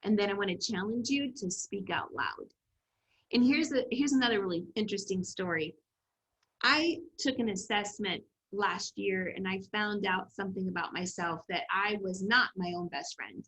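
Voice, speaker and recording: A woman development coach giving an upbeat, animated presentation on a video call, telling stories to her class. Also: mid-range voice, moderate pace, poor audio.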